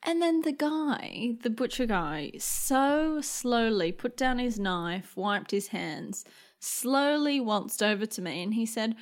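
Young woman, podcast co-host, animated raconteur, higher voice. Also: slow pace. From Australia. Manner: animated storytelling, acts out quotes, laughs often. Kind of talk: casual chat.

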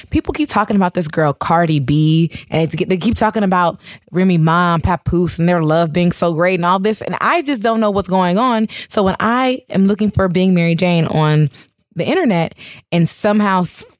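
A woman's voice: lowish voice, no room sound, clean studio sound. A young woman from New York co-hosting a podcast, telling stories in a candid, chatty way with frequent laughs. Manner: candid, storytelling, laughs often. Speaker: podcast co-host. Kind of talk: casual chat.

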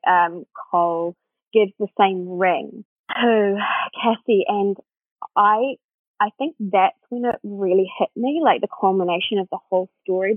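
A woman's voice: medium pitch, no room sound. A woman guest, an actress, chatting in an interview and telling a story animatedly with plenty of laughter. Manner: animated storyteller who acts out quoted voices, laughing often. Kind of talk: casual interview chat. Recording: tinny phone-like line, dry.

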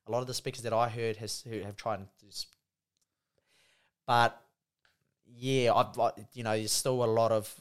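A man's voice: mid-range voice, flat delivery, moderate pace, pauses often, clear, resonant tone. A man with a New Zealand accent, co-hosting a casual, laid-back chat and often saying "bro" and "you know".

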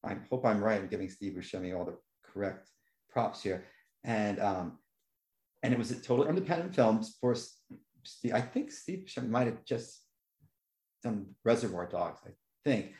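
A man chatting casually, telling stories with lively jumps into a higher voice when he quotes reactions. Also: normal speed. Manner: animated storyteller, voice jumps high for quoted reactions. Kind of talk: casual chat. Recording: echoey room.

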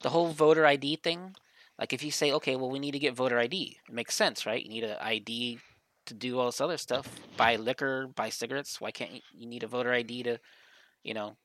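A man co-hosts a podcast in casual chat, rambling and swearing as he acts out other people's lines. His medium-pitched voice is steady and fairly bright, and he speaks briskly.

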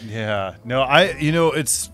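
Easygoing, lively-voiced man asking questions. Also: medium pitch, takes it slowly, soft background music. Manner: easygoing, asks questions, jokey. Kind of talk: casual chat.

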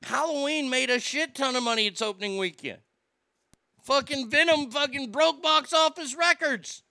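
A man's voice: very high voice, normal speed, gravelly, bright, forceful tone, no room sound, studio quality. A man ranting casually and profanely about movies while reading out listener comments. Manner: swearing, exasperated ranting.

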